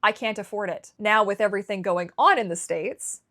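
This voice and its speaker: A woman's voice: medium pitch, brisk, fairly bright tone. A Canadian woman vlogging candidly, emotional and rambling, often restarting her sentences. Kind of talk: candid personal vlog.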